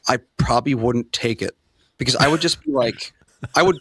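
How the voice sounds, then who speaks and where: A man's voice: mid-range voice, moderate pace, fairly bright tone, husky, no echo. A man co-hosting a podcast, making wry and self-deprecating remarks in casual chat. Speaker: podcast co-host.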